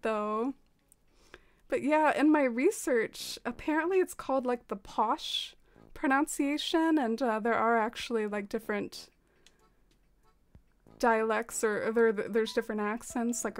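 A woman's voice: fairly high pitch, a little slow. An American woman streaming a game, chatting casually with viewers, giggling often and using lots of fillers. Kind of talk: casual chat reading out chat messages.

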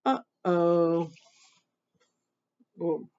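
Woman, storybook reader, gentle asides to kids; slightly muffled home recording. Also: lowish voice, expressive, extremely slow, clear, resonant tone. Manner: gentle, teaching asides to children. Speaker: parent reading aloud. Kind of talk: reading a picture book aloud.

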